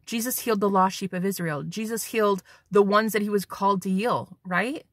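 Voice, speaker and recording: A woman's voice: medium pitch, fairly quick, dry recording, clean studio sound. Blunt, profane woman psychic. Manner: blunt, profane, preachy, emphatic. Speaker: psychic medium and tarot reader. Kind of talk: spiritual tarot reading vlog.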